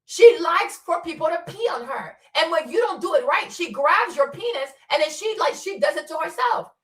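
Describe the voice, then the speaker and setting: A woman's voice: extremely high pitch, lively intonation, normal speed, fairly bright tone, echoey room, far from the mic. A woman hosting a casual commentary stream, blunt and profane, laughing often as she rants. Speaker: commentary host.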